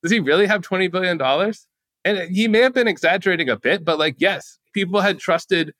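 Bright-voiced man telling lively stories. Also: on the high side, dry recording. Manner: lively, acts out quotes with raised voice, casual "like" fillers. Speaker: guest author and journalist. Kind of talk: animated anecdotal storytelling.

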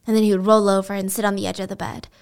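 A woman hosting a podcast, telling a true-crime story in casual, animated storytelling and acting out the people in it. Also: medium pitch, racing, creaky, clear, resonant tone. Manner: animated, expressive, acts out quotes. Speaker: podcast host.

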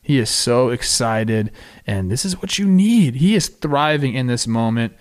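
A man hosting a baseball podcast, talking through game clips casually with excited, animated asides. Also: mid-range voice, measured pace. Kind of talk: casual video breakdown commentary.

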